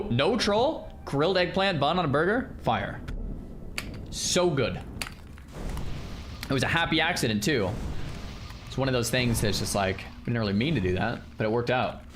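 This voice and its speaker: A male streamer chatting casually with his viewers in an animated, incredulous way. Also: medium pitch, a little hiss or hum. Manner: animated, incredulous, talks to chat. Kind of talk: casual livestream chat.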